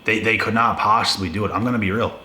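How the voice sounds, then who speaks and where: A man's voice: lowish voice, steady tone, quick pace, pushed and bright. A young man in a blunt, casual rant to the camera, profane and emphatic, often repeating himself. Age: young adult. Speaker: video creator. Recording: echoey room with faint ambience.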